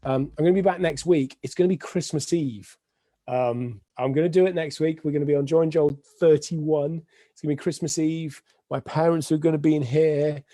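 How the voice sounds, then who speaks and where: A man's voice: a little high, steady tone, fairly quick, mellow, no room sound. A man hosting his own weekly live stream from home, chatting unscripted and rambling with plenty of ums and restarts. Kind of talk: unscripted casual monologue.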